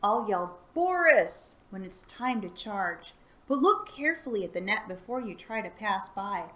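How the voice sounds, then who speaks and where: A woman voicing a brave, clever young boy adventurer in a storybook read-aloud, hushed and earnest. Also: medium pitch, very animated, measured pace. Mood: hushed planning.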